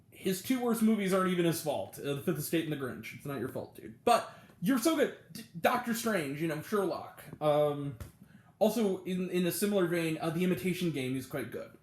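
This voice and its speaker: Rambling man reviewing movies, slightly high voice. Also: roomy sound. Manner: rambling, full of ums and self-corrections. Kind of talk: casual spoken film review.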